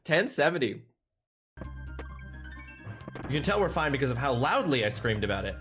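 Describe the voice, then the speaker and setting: A man streaming a game, excitable and cursing, shouting at what happens on screen. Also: medium pitch, moderate pace, soft background music. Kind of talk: casual gameplay commentary.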